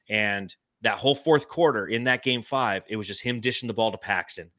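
A man in his thirties co-hosting a casual sports talk show, animated and swearing now and then. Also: lowish voice, a little fast, no room sound, clean studio sound. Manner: animated, swears, reads chat comments. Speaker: podcast co-host.

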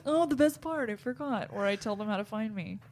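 A woman's voice: mid-range voice, a little fast, a crowd in the background. A woman from Southern California co-hosting a podcast, telling stories and giggling through casual chat. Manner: giggly, animated storyteller. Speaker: podcast co-host.

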